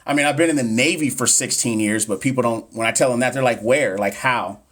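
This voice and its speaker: A man in his thirties hosts a casual live stream and reads nursing exam questions out loud. He chats and jokes with his viewers and trips over hard medical words. His pitch sits in an ordinary middle range. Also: quick pace. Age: 30s. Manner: joking, chatty, talks straight to viewers, stumbles on medical terms.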